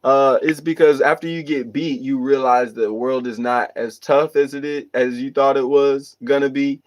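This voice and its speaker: A man's voice: medium pitch, steady tone, moderate pace, a little hiss or hum. A man hosting a livestream, reading viewer comments and giving earnest, rambling motivational talk with restarts and repeated phrases.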